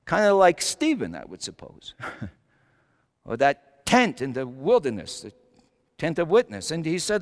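A pastor preaching a dramatic first-person sermon monologue, moving between hushed lines and shouted ones. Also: male voice, high voice, sing-song, measured pace. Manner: theatrical, swinging from hushed to shouting. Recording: long hall reverb.

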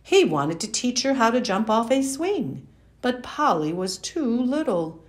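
A woman reading a children's picture book aloud, slow and expressive, with playful sound effects. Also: on the high side. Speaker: storyteller. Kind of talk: children's read-aloud narration.

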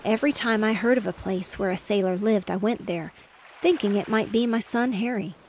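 A woman's voice: medium pitch, fairly quick, darkish tone, a little hiss or hum, close to an everyday voice, low-quality recording. A woman reading aloud, voicing a weak, injured old male sailor who talks in a faltering, dazed way. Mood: mournful.

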